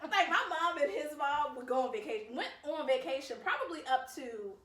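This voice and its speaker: High-voiced woman telling an animated story. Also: fairly quick, roomy sound, distant mic. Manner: animated storyteller, acts out quotes. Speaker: podcast co-host. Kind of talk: casual chat.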